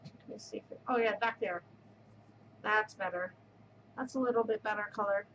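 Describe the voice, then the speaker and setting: A woman's voice: mid-range voice, normal speed, a bit bright, dull audio, slight background noise. A middle-aged woman hosting a knitting podcast, gushing effusively over yarn in casual show-and-tell chat and repeating her words of praise.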